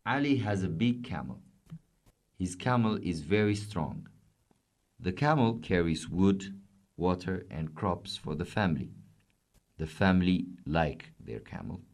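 A man reading a children's storybook in short, simple sentences. His voice is very deep and low. He reads clearly and steadily for young listeners. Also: expressive, measured pace.

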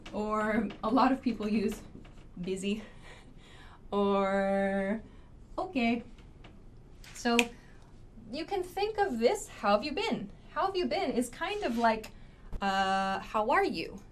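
A woman teaching English phrases, speaking slowly and clearly and repeating each example with modeled intonation. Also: fairly high pitch, a little hiss or hum. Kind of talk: online English lesson.

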